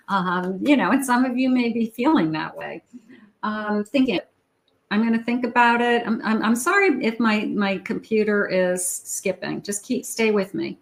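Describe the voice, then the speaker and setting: A woman giving a tarot love reading, talking slowly and musingly to her viewers. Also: medium pitch, animated, low-quality recording. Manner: slow, musing, talks to the viewer. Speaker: tarot reader.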